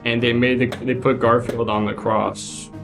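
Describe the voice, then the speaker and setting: A man's voice: medium pitch, level tone, moderate pace, creaky, music in the background, natural voice. A man playing a shy, nervous male devil who works as a tattoo artist, talking hesitantly and evasively in an improvised comedy role-play. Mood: rambling. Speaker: improv performer playing a defendant.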